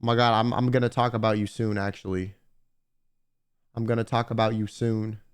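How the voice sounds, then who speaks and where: A man's voice: lowish voice, little pitch movement, a little fast, smooth. A man streaming live, casually telling a long convention story to his chat, rambling and swearing a lot.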